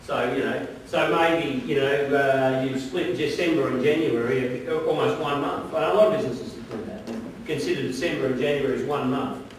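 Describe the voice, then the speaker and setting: A man's voice: medium pitch, normal speed. A man presenting a live business seminar, chatty and often checking in with his audience. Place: seminar room at an arts centre. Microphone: distant room mic. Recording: very echoey hall from far off, faint noise.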